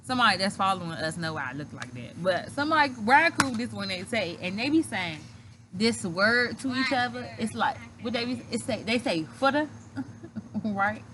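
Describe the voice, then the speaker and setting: High pitched woman cohost, swoopy voice, chatty and slangy, noisy background. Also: moderate pace. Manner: animated, slangy, laughs often. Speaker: podcast co-host. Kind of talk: casual chat.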